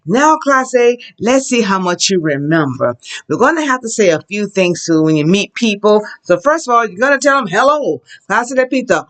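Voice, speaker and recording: A woman teaching a children's Spanish class, drawing out words slowly for the class to repeat. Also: mid-range voice, lively intonation, fairly bright tone. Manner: slow, drawn-out call-and-repeat prompts. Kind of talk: children's language lesson. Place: classroom with a chart behind her.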